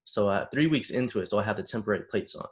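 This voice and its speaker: Fast-talking young man retelling a story. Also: fairly low pitch. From San Francisco Bay Area. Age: young adult. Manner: animated retelling, acting out quoted voices. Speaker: panel guest. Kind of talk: casual storytelling conversation.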